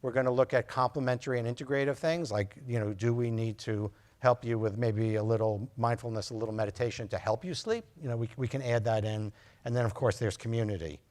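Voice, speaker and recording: A man's voice: mid-range voice, fairly even intonation, fast talker, darkish tone. A physician giving a conversational lecture to nurse practitioners, loose and anecdotal, acting out his talks with patients. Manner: loose and anecdotal, full of fillers, acts out patient dialogue.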